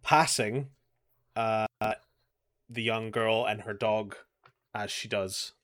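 A man's voice: on the low side, steady tone, slow, fairly bright tone. A man co-hosting a podcast, casually recapping an anime with sarcastic jokes and frequent laughs. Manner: joking, sarcastic, laughs often. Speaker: podcast co-host.

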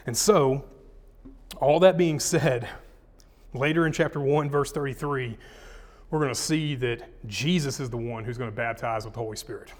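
A man's voice: mid-range voice, moderate pace. A man, a pastor teaching a sermon, casual and chatty with his congregation, reading scripture with rising emphasis.

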